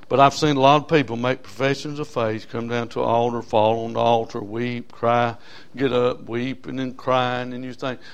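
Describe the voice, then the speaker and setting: With a smooth, medium-pitched voice, a middle-aged man delivers a sermon, calling for amens from the congregation. His delivery swings back and forth between loud and soft.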